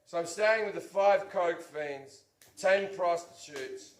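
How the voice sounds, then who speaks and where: A man in his thirties doing crude, swearing stand-up storytelling on stage, bursting into loud stretches. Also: high voice, measured pace, a little hiss or hum. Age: 30s. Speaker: stand-up comedian. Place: comedy stage before an audience. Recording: echoey stage recording.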